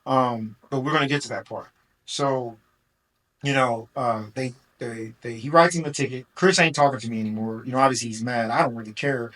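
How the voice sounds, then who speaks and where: A man's voice: mid-range voice, fairly even intonation, fairly quick, a bit bright, poor audio. A man who runs a car rental business, telling a long story in a casual, rambling way, full of fillers and quoted back-and-forth.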